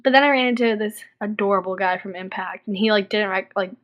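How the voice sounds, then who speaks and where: A woman's voice: mid-range voice, quick pace, muffled recording. A young woman from Texas telling stories animatedly in a casual video diary, saying "like" often. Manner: animated storytelling, heavy use of "like". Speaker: vlogger.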